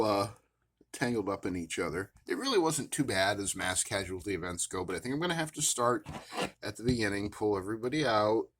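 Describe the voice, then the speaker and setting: Rambling low-voiced man, full of "uh"s. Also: fairly bright tone, slight background noise. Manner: rambling, many "uh" fillers, wry self-amused asides. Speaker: action figure collector vlogger. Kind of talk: casual rambling show-and-tell. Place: at his worktable at home.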